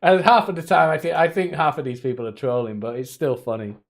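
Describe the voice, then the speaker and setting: A male streamer talks casually to his chat, wandering from point to point and peppering his talk with swearing and little laughs. His voice sits a little high for a man. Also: steady tone, quick pace, gravelly. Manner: rambling, profane, laughing. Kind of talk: casual live-stream commentary.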